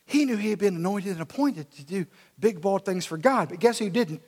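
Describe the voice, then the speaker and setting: A man preaching a sermon in a church, retelling a story with animated, casual, slangy delivery, in an echoey hall. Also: high voice, brisk, slightly rough. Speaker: pastor.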